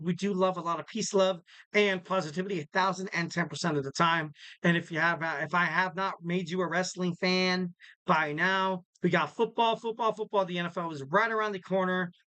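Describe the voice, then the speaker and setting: A man's voice: sits high, bright, forceful tone, no echo. A man hosting a podcast, signing off in a rambling, joking, casual way. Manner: rambling, joking, self-correcting. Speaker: podcast host.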